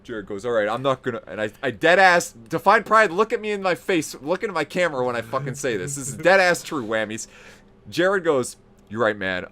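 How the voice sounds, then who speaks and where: A man telling a story on a podcast in casual, profane style, growing animated as it builds. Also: fairly high pitch, fairly quick. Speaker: podcast host.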